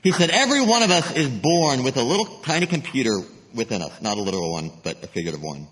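A man preaching a sermon as pastor, emphatic, dropping to a hush to stress his points. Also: mid-range voice, sing-song, fast. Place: church sanctuary. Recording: long reverb of a sanctuary.

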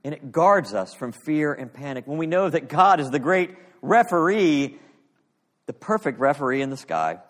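A man's voice: a little high, big pitch swings, a bit bright. Man preaching in a reverberant hall. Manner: earnest preaching with dramatic pauses, reads scripture aloud. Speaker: pastor. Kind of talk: sermon.

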